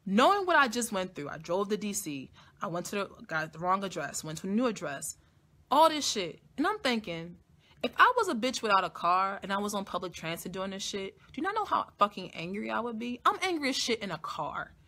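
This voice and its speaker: A woman with a bright, sharp-edged voice hosts her own live stream and tells a long personal story straight to her listeners. She talks bluntly, swears constantly, and moves from quiet asides to loud, emphatic outbursts. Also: medium pitch, fairly quick. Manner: blunt, heavily profane, emphatic; animated, swings from soft to loud. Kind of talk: casual storytelling monologue.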